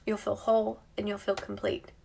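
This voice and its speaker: A woman's voice: mid-range voice, monotone, moderate pace, creaky, darkish tone. A woman talking heartfelt and encouraging on a live stream from home, sometimes dropping to a near-whisper. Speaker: beauty vlogger. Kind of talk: emotional live-stream monologue.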